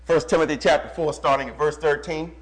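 A man preaching a sermon to his church, animated, stopping the reader to repeat and stress phrases. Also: a little high, fairly quick, rough recording.

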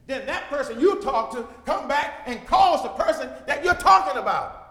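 High-voiced preacher in an echoey hall. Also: male voice, sing-song, moderate pace. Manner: swings between loud emphatic and hushed. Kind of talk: sermon. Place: church hall with congregation.

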